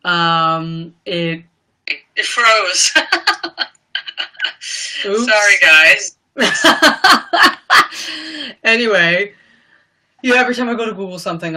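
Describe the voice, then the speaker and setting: A young woman chats casually to her livestream audience. Her voice is bright and sits a little low. She gushes and rambles, piling on "like" and "you know" as she talks. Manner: chatty and gushing, full of "like" and "you know". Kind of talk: casual live-stream chat.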